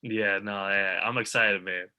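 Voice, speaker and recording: A young man with a very bright, forward voice talks as a guest over a video call. He is animated and eager as he breaks down races, with the energy of a casual chat. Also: on the low side, unhurried. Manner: animated, eager sports talk. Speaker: guest athlete.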